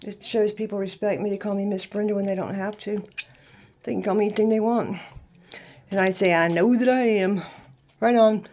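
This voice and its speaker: Lively woman in her sixties. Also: mid-range voice, fairly quick. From Louisiana, USA. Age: 60s. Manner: lively, emphatic testimony with faith talk. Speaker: vlogger. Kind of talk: personal storytelling monologue.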